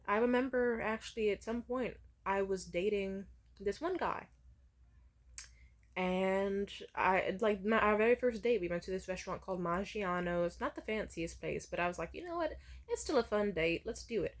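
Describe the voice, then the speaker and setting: A young woman telling a personal story candidly in a vlog, swearing freely. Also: mid-range voice. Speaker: vlogger.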